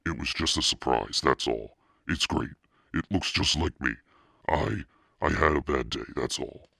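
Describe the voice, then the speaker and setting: A moody, self-conscious preteen girl, read out by a man in a voice that stays very low and gravelly. Her lines come slightly lifted and emphatic, close and dry, with no room around them. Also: measured pace, sharp tone, dry recording, exaggerated voice. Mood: apologetic.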